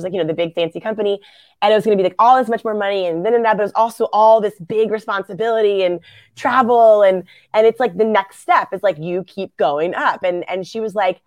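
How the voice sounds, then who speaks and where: A chatty woman tells her story in a casual podcast, full of likes and fillers. Her pitch sits in the middle range. The mic is close and dry, with no room sound. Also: no room sound. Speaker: guest author.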